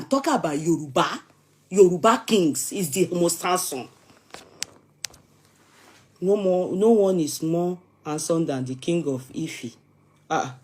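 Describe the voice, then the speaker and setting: A woman with a Nigerian accent hosting a gossip stream, dramatic and animated, arguing back at viewers' comments. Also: on the low side, unhurried, pauses often. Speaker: gossip channel host. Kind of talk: live chat commentary.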